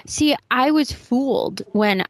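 A woman's voice: a little high, slow, no echo. A woman co-hosting a podcast, sarcastic and indignant, with plenty of swearing. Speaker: podcast co-host. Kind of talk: casual podcast banter.

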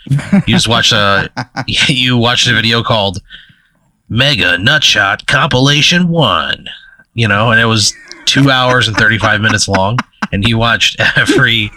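A man's voice: on the low side, bright, forceful tone, dry recording. A man co-hosting a casual comedic podcast, telling a rambling made-up story with lots of fillers and laughing mid-sentence. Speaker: podcast co-host.

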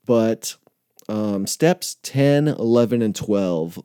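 Podcast guy rambling casual, cusses a lot, laughs a bunch, mellow lowish voice. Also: animated, slow pace, smooth, no room sound, studio quality. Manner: loose, profane, laughs often. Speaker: podcast host.

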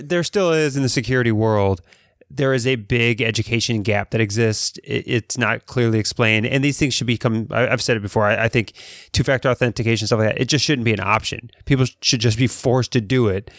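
A man's voice: mid-range voice, fairly quick, fairly bright tone, no room sound, studio quality. A man hosting a casual tech podcast, talking in a rambling way with frequent restarts. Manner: rambling, many restarts, chuckling. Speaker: podcast host.

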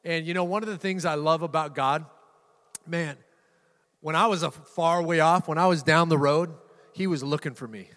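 Here the preacher's voice sits on the high side and sounds a bit bright, moving at a moderate pace. Addressing a live audience in a reverberant church hall, he keeps the sermon casual and jokey and repeats words often.

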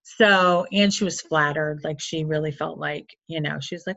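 A woman with a lowish voice tells a personal story in a loose, chatty way, scattering "like" and side remarks as she goes. The sound is dry and a little dull and lo-fi, with no room around her. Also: unhurried, gravelly, fairly bright tone, no echo. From Florida. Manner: candid and chatty, full of "like" and asides. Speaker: coach or counselor.

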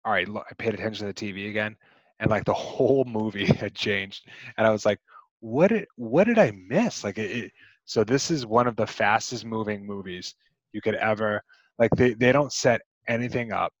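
A man's voice: lowish voice, fairly even intonation, a little fast, no echo, highs cut off. A man co-hosting a podcast, chatting casually about a movie, rambling with many restarts and fillers. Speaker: podcast co-host.

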